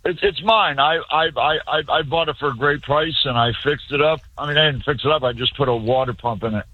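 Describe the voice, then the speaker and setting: A man's voice: fairly high pitch, fairly quick. A man from Florida calling into a radio show, stubborn and stammering as he talks. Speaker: caller. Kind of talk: phone-in radio call. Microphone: phone. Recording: muffled phone line.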